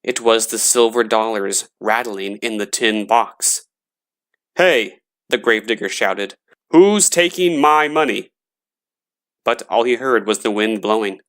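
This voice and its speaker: A man narrating a scary story in a slow, dramatic reading voice. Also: on the low side, flat delivery, a bit bright.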